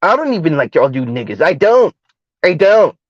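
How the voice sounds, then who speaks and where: A man giving a heated, emphatic commentary rant on his vlog, repeating his points loudly. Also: on the high side, very animated, normal speed, no echo, dull audio. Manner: loud, emphatic, repeats points, laughs at times. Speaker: commentary vlogger.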